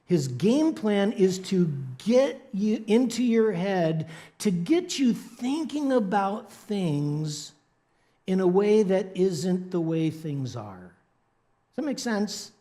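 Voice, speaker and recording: A man's voice: high-pitched, sing-song, slow, dark tone. A man preaching a sermon in a church, playful and joking with the congregation. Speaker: pastor. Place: church sanctuary.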